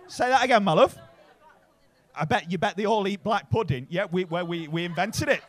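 A man's voice: high voice, fairly quick. A man from Bury near Manchester with a Manchester-area accent, doing a sweary stand-up set in a comedy club, chatting with the crowd and tagging lines with "right?".

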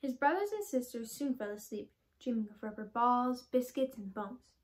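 A teenage girl reading a children's picture book aloud in a clear, expressive way. Her voice sits fairly high, and she paces the story for young listeners. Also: moderate pace. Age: teens. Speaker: storybook reader.

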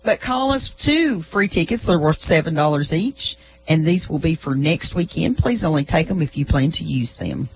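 A man with a notably high voice co-hosts a local radio show. He talks in an easygoing, casual way from the studio. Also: expressive, moderate pace, slight background noise, rough recording. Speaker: radio co-host.

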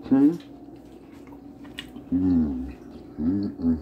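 A man's voice: low-pitched, sing-song, extremely slow, phone-quality sound, slight background noise. A man hosting his own home cooking video, hyped up and talking straight to his viewers in a casual way from his kitchen.

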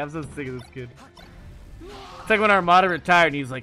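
A man's voice: high voice, fairly quick, long pauses, faint music behind. A man chatting casually with his stream chat, cursing freely and laughing often. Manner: animated, profane, laughs often. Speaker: gaming streamer.

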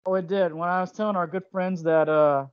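A man co-hosting a casual podcast interview, with a high voice and an animated, slangy way of telling stories. The sound is dull and lo-fi. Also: brisk. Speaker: podcast co-host.

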